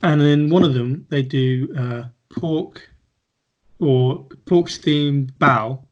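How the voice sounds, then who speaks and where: A man's voice: mid-range voice, slow, muffled recording. A young man co-hosting a podcast, chatting casually and asking dry follow-up questions. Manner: easygoing, encouraging backchannel, dry questions. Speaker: podcast co-host. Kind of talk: casual chat over beers.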